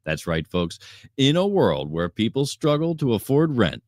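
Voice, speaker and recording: A man reads a comedic news script in a mock newscaster manner. His pitch leaps widely from phrase to phrase, and the close mic leaves the sound dry. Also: big pitch swings, normal speed, darkish tone, no echo. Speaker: podcast co-host.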